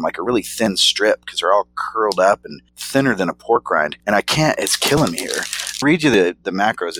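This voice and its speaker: A man co-hosting a casual snack-review chat, laughing often and trailing off mid-sentence. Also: fairly low pitch. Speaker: podcast co-host reviewing snacks.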